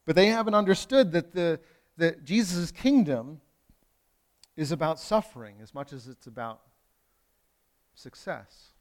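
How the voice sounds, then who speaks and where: A pastor delivering a sermon in a conversational way, moving from loud emphasis to hushed lines, with playful asides to the congregation. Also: male voice, on the high side. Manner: conversational preaching with wide swings from loud to hushed.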